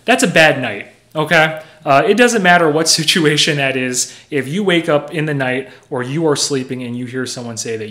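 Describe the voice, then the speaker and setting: A man's voice: on the high side, normal speed, a bit bright. A young man preaching a sermon in a conversational, earnest way, explaining with everyday examples. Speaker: pastor.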